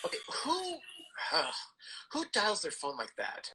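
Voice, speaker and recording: Woman host, bright voice, teasing running commentary on a film. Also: mid-range voice, huge pitch swings, takes it slowly, low-quality recording. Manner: teasing, urging the characters on. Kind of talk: commentary while watching a film.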